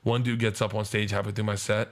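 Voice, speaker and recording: A man's voice: lowish voice, flat delivery, quick pace. A man in his forties trades stories in a loose podcast chat. He talks with a comic's drive, swears freely and bursts into other people's voices as he acts out scenes from his shows. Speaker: stand-up comedian guest. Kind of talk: casual podcast storytelling.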